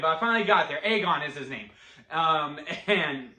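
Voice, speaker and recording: A man at home casually recapping a TV episode, rambling with quick restarts and bursts of laughter. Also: fairly high pitch, animated, bright, forceful tone, reverberant. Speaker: TV episode reviewer. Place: at home with a dog.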